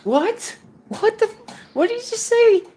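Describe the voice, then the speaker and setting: A man hosting a casual reaction video, animated and incredulous, laughing often as he mocks what he watches. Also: extremely high pitch, unhurried. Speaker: reaction commentary host.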